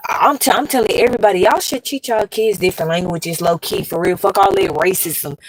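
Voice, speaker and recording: A woman's voice: lowish voice, normal speed, no room sound. Blunt, profane woman ranting casually. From United States. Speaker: commentary vlogger.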